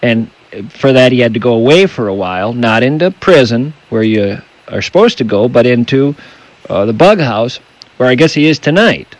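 A man hosting a late-night call-in radio show, talking in a rambling, halting, self-deprecating way. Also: mid-range voice, expressive, no room sound, low-quality recording. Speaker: radio talk show host.

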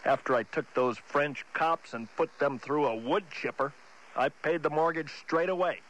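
A man's voice: on the high side, normal speed, fairly bright tone, pitched below the performer's own voice, lightly acted, poor audio. A man voicing an unhinged, boastful male movie star who rambles, stammers and keeps restarting his sentences. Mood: rambling boast. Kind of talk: comedy sketch impression.

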